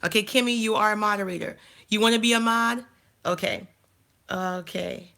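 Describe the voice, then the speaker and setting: A woman's voice: mid-range voice, steady tone, normal speed, creaky, bright, forceful tone. A woman hosting a casual live stream, chatting and thinking aloud while she fumbles through her channel settings. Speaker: life coach and channel host.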